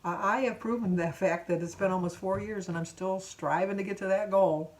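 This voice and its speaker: A woman's voice: medium pitch, steady tone, a little fast, a little mellow. Chatty woman in her seventies. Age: 70s. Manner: chatty, rambling, full of fillers and restarts. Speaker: vlogger. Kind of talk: casual storytelling vlog.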